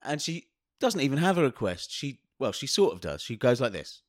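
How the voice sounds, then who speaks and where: A man co-hosting a podcast, telling DJ anecdotes with lively storytelling and frequent laughter. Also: mid-range voice, a little fast, dry recording, clean studio sound. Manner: animated storytelling, acts out exchanges, laughs often. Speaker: podcast co-host and DJ. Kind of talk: casual banter.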